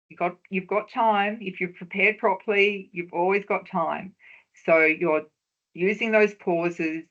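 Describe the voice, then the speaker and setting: Woman giving a measured webinar lecture. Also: fairly low pitch, a bit bright, highs cut off. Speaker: webinar presenter on research talks.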